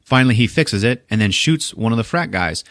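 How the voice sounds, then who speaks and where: A man with a low voice that swings widely in pitch, telling a movie's story with lots of energy. He acts out the characters' lines, laughs often and swears freely. The recording is dry and close. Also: lively intonation, fairly quick, a bit bright, no echo. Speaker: podcast host. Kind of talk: casual movie recap.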